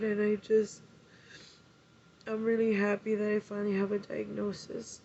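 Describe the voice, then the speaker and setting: A woman talking in an emotional personal vlog, tearful and halting, swearing often. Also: mid-range voice, monotone, creaky, warm tone, breathy edge, muffled recording. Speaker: vlogger.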